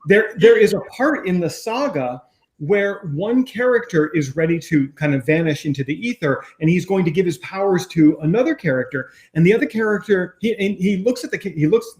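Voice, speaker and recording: A man in his thirties co-hosting a casual chat, telling stories with emphatic, animated delivery. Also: high-pitched, a little fast. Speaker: co-host.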